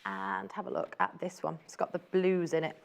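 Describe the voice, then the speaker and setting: A woman's voice: fairly low pitch, flat delivery, moderate pace, gravelly. A woman presenting fabrics on a live shopping channel, chatty and gushing as she exclaims over each print. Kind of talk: live TV selling chat.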